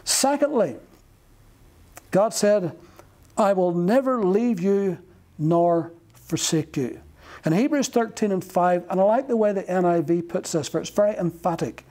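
A man preaching a sermon in a slow, emphatic way, pausing between phrases. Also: high voice, dark tone. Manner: slow, emphatic delivery with long pauses.

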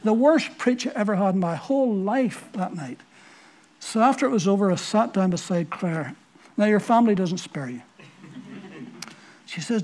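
A man's voice: high voice, lively intonation, moderate pace, long pauses, a little mellow. Older male pastor telling a story. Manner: storytelling, conversational with repeated words. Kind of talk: sermon.

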